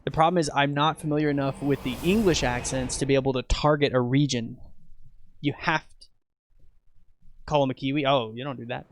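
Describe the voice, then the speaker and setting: A man commentating casually as he streams a game, chatting with viewers, excitable and profane. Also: medium pitch, a little fast. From United States.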